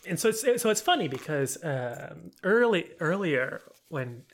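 A man's voice: fairly high pitch, unhurried. A man in casual conversation, recapping a film with frequent laughter and many restarts. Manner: animated, laughs often, stumbles and restarts.

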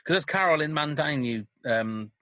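A man's voice: a little high, animated, moderate pace, bright, forceful tone, no echo. A man hosting a casual conversation, asking questions and joking with his guest. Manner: eager, interjecting, joking. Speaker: podcast host. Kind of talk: casual chat.

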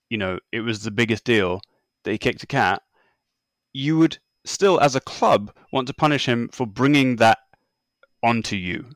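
A man's voice: medium pitch, no room sound. An exasperated man co-hosting a football podcast. He rambles in a sardonic tone, and his voice sits in a middle register. The sound is dry, close to the mic. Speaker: podcast co-host. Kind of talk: casual football chat.

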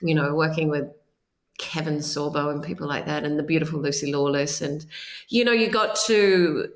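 A low-pitched woman in her forties with a New Zealand accent, talking as an interviewed actor. She gives earnest advice and often restarts her sentences. Her voice carries a roomy echo. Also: fairly even intonation, moderate pace. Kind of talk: casual interview chat.

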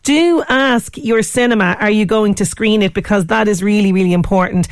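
A woman hosting a radio interview, gushing with praise and chatting warmly. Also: mid-range voice, moderate pace, no room sound. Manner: enthusiastic, effusive praise. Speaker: radio show host.

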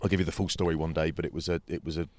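A man's voice: rumbling low, little pitch movement, rapid-fire, darkish tone, dry recording. A man hosting a podcast, telling rambling, slangy anecdotes in casual chat. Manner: rambling storyteller, swears, slangy. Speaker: podcast host.

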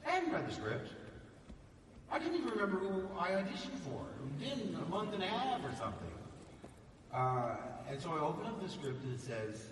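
A man tells stories on stage to a live audience in a fairly high, very animated voice and slips into the voices of other people. He sounds far from the microphone in a big, roomy hall with a long echo. Steady background noise runs underneath. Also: brisk. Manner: lively, acts out voices of others. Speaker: actor telling stories to an audience.

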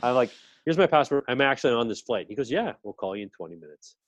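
A middle-aged man recounts a story with lively, animated delivery, slipping into the voices of the people he quotes. The sound is close and dry, with no room around it. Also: mid-range voice, fast, no room sound. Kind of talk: casual chat.

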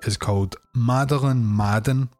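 A man co-hosting a film podcast in casual chat, easygoing and measured with filler pauses. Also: mid-range voice, a little mellow, no room sound, faint music behind. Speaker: podcast co-host.

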